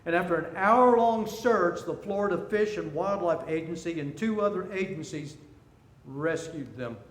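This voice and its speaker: At a seminar, a man in his sixties animatedly tells stories and jokes in a storytelling talk. His voice is high-pitched and at normal speed, recorded in an echoey room with faint noise.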